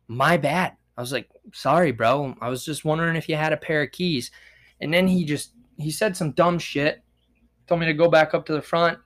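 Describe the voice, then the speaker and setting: A young man telling a story in a casual, profane, irritated rant as a podcast host. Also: fairly high pitch. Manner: profane, irritated, animated retelling.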